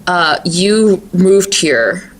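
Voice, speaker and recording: A woman's voice: lowish voice, animated, drawn-out words, slight background noise. A young woman hosting a casual podcast interview, playful and teasing, laughing often. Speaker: podcast host.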